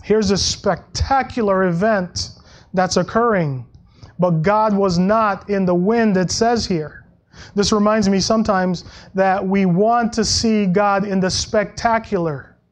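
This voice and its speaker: A male pastor preaching a sermon in a conversational way, with frequent restarts and soft laughs, and dropping his voice when he quotes scripture. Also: a little slow. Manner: acts out Bible quotes in a lower voice.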